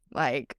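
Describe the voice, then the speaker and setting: A woman's voice: mid-range voice, slightly rough, dry recording. A woman co-hosting a podcast, talking in a passionate, emphatic way and repeating phrases to drive points home. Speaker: podcast co-host. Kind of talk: casual podcast chat.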